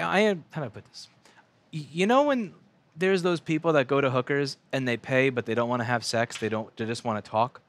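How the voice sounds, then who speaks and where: A man in his twenties from the United States, ranting profanely and rambling while working at a repair bench. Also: medium pitch. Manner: profane, rambling, animated rants with mocking put-on voices. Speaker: repair shop owner streaming bench work. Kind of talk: casual ranting livestream.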